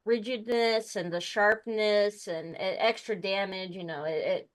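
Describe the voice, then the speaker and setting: A woman's voice: mid-range voice, steady tone, a little slow, rough recording. A woman playing a tabletop game, describing her character's moves in a gleeful, rambling way. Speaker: player.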